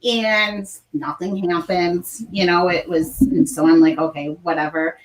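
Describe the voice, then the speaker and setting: A woman's voice: on the low side, measured pace, recorded from a distance, poor audio. A woman explaining herself in casual conversation, hesitant and full of fillers. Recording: voice heard from farther off the mic.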